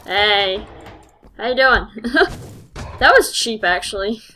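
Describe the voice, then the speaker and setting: A woman giving live gameplay commentary as host of her channel, excitable, exclaiming and poking fun at herself as she plays. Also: medium pitch, slow, a little hiss or hum. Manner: excitable, exclaiming and self-mocking.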